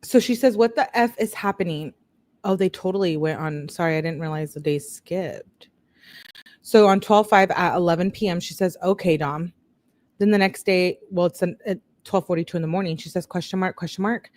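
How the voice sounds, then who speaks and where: A woman with a somewhat low voice reads text messages aloud in a relaxed, conversational way. She keeps breaking off to react and talk straight to her viewers, like a chatty true-crime host. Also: moderate pace. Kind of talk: casual commentary reading text messages aloud.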